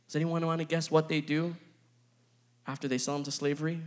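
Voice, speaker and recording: A man's voice: a little high, level tone, brisk, pauses often. A young man giving a casual, playful youth sermon, chatting with his audience and filling his talk with asides. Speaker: youth pastor.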